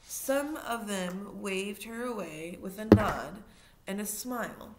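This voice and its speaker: A woman reading a children's novel aloud in a mid-pitched voice. Her narration is steady and unhurried, and she now and then stops to remind her listeners of something. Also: heavy background noise. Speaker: reader.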